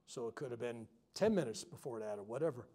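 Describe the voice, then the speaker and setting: A man, a reverend leading a self-healing workshop, telling stories to a live group in a frank, unscripted and heartfelt way, with loud outbursts at dramatic moments. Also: medium pitch, expressive, fast talker. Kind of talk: storytelling talk to a live group. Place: workshop room with a live audience.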